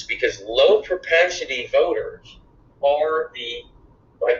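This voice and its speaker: Man with a bright voice in an echoey room. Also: mid-range voice, a little hiss or hum. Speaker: podcast guest. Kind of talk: conversational storytelling. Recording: echoey room, dull lo-fi sound.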